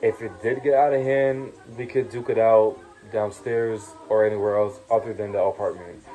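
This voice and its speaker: A man's voice: fairly low pitch, steady tone, normal speed, dark tone, rough recording. A young man telling his story in a casual vlog, ranting heatedly with lots of profanity and fillers like "you know what I'm saying". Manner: profane, heated rant with repeated taunts. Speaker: reality show cast member telling his story.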